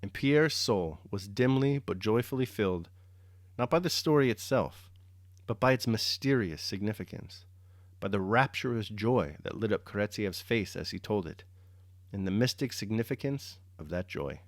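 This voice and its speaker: A man reading a classic novel aloud, chapter by chapter, in a measured, steady way, then reflecting on it as host. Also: lowish voice, dry recording, clean studio sound. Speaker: reader and host. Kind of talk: audiobook-style novel reading.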